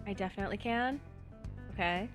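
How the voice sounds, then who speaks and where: A woman's voice: medium pitch, fairly quick. Young woman streamer, giggly, chatty, casual reading with faint music underneath.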